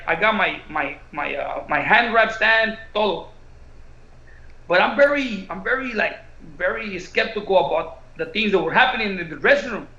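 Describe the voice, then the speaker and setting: High-voiced bilingual man telling a story. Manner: animated storyteller switching between English and Spanish. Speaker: boxing coach and show co-host. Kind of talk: casual storytelling. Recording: echoey room, dull lo-fi sound.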